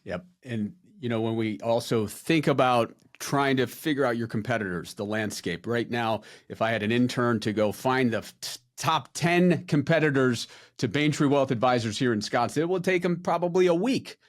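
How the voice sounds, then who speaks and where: A man's voice: medium pitch, normal speed, hardly any pauses. A man hosting a podcast, explaining ideas to his listeners in an easygoing, conversational way. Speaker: podcast host, wealth advisor. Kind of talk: podcast interview.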